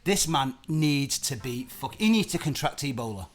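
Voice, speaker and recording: A man's voice: medium pitch, animated, moderate pace. Heated, swearing male stream host. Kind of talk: casual live-stream chat.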